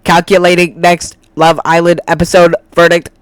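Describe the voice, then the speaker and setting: Figure: beeping robot, put on by a man. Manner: flat, slow, loud droning. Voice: smooth, dry, fairly high. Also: no room sound, lightly acted. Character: monotone robot mocking idle viewers.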